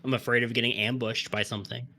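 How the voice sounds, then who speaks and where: A man's voice: mid-range voice, level tone, fast, sharp tone. A man playing a tabletop game, describing his actions in a careful, matter-of-fact way. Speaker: player.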